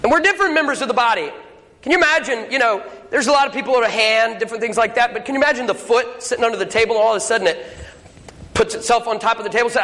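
Male preacher, folksy storyteller, high voice, reverberant sanctuary. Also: very fast, bright, forceful tone. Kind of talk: sermon with joke telling. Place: church sanctuary. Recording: echoey church hall.

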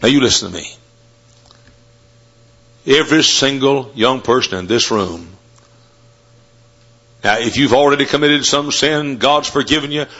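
Forceful, husky-voiced Baptist preacher. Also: male voice, medium pitch. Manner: folksy storytelling, rising to emphatic preaching. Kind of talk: sermon. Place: college chapel, at the pulpit. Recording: dull lo-fi recording.

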